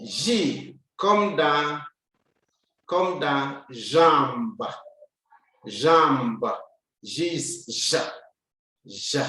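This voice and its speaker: A man leads a French lesson at a very slow, deliberate pace, saying each word again and again for learners to repeat. His voice sits in a middle register. The recording is heavily echoey, as if made in a bare, reverberant room. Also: medium pitch, lively intonation, sharp tone. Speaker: French teacher. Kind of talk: language lesson, drilling pronunciation.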